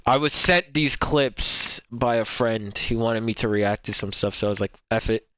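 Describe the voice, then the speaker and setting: A man's voice: fairly low pitch, normal speed, sharp tone, no echo. Young male reaction host, rambling and repetitive, dry, slightly dull home mic. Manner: rambling, repeats himself, heavy filler words. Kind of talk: casual reaction commentary.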